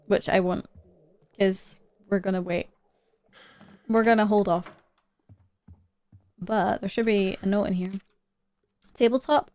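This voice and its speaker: A woman's voice: mid-range voice, fairly even intonation, takes it slowly, pauses often, a little mellow. A woman streaming a game live, chatting and laughing as she plays. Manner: chatty, laughs often, jokes about her accents. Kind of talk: live gameplay commentary.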